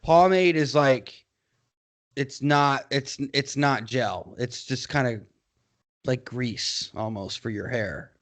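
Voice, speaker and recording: A man's voice: medium pitch, slow. A young man co-hosting a podcast in casual chat, rambling, swearing often and laughing through his own stories. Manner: rambling, profane, laughs often, loud impressions. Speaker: podcast co-host.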